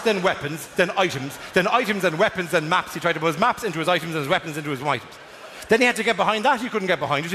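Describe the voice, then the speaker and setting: A man with an Irish accent performing a stand-up routine on a theatre stage, rambling quickly and acting out little scenes. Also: sits high. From Ireland. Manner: rapid rambling delivery with acted-out bits. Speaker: stand-up comedian. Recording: live theatre with noise.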